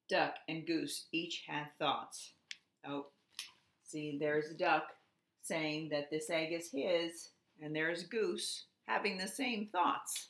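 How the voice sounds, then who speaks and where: A preschool teacher reads a picture book aloud to young children in a gentle, expressive way. Her voice sits a little low and she takes it very slowly. The room around her rings with noticeable echo. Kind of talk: storybook read-aloud for children. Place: at home. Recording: roomy home echo.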